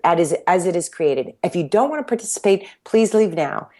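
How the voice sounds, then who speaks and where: A woman's voice: lowish voice, lively intonation, moderate pace, a little mellow. A woman who created a workout method, talking passionately and emphatically in an interview, sometimes acting out her own self-talk. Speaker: fitness instructor and workout creator. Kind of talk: interview conversation.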